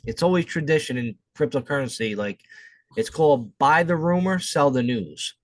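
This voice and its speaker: A man's voice: medium pitch, lively intonation, normal speed, no echo. A man co-hosting a podcast, trading crude jokes with a lot of swearing and laughter. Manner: profane, laughing, joking. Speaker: podcast co-host. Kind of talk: crude casual banter.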